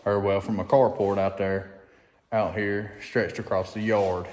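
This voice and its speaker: A man, chatting excitedly and folksily in a casual DIY vlog from his unfinished workshop. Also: on the low side, unhurried, slight background noise. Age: 30s. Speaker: DIY vlogger. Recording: echoey reverberant shop room.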